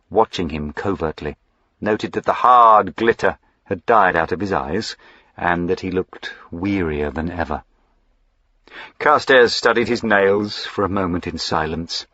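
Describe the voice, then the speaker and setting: A man narrating a novel in a measured, even storytelling manner. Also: low-pitched, breathy edge, no room sound, muffled recording. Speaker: audiobook narrator. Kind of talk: scripted narration.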